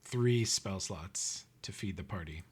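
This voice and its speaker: A man with a fairly low voice reads rules out at the game table. He gives blunt, joking advice to the other players. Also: slow. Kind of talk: casual game-table chat.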